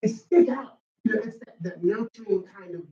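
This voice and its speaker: A man in a couples workshop sharing a personal story in a reflective, halting way. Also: high-pitched. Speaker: workshop participant. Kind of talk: personal storytelling in group discussion. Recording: distant, dull, roomy recording.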